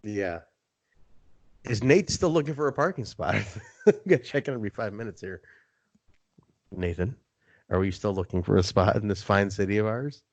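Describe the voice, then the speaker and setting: A man's voice: fairly low pitch, normal speed, pauses often, dry recording. A man hosting a podcast, telling a story in casual chat, acting out other people's lines and swearing for effect. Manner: animated storyteller, swearing, acting out quoted voices. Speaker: podcast host.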